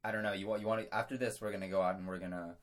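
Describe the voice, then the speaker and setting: A man's voice: low voice, level tone, racing. A young man co-hosting a podcast, delivering absurd jokes with a straight face. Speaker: podcast co-host. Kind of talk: comedic casual chat.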